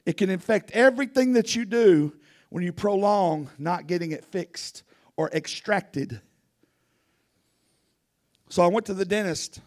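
A man preaching a sermon, telling a folksy story that swings from loud to hushed. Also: high voice, unhurried, pauses often. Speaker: pastor.

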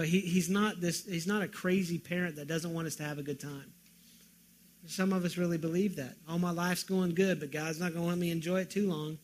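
Guy preaching a sermon, kinda high voice, gets fired up then goes quiet and earnest. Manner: impassioned, swings from loud pleading to quiet emphasis. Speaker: pastor.

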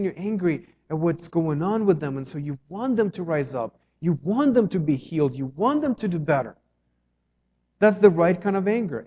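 A slightly high-voiced man preaching a sermon with earnest conviction. He presses some lines hard and lets others fall quiet. The sound is a little dull and rings with the long reverb of a church hall. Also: husky. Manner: earnest preaching, swings between emphatic and hushed. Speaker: pastor. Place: church sanctuary.

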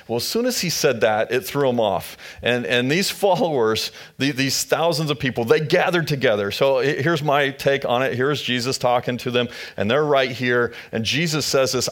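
A man's voice: mid-range voice, moderate pace, a bit bright. Male pastor, sermon delivery, conversational storyteller, mid-range voice. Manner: conversational storytelling, retelling scripture in everyday words.

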